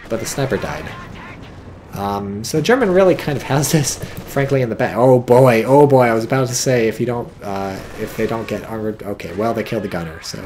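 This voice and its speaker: A man casting a strategy game replay in casual commentary, excitable, swearing freely and exclaiming often. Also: mid-range voice, fairly quick, a little hiss or hum.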